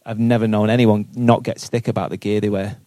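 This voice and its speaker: A man's voice: on the low side, little pitch movement, brisk, mellow, no echo. A man, a football manager answering questions earnestly at a live podcast, often repeating words as he thinks aloud. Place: boardroom with live audience.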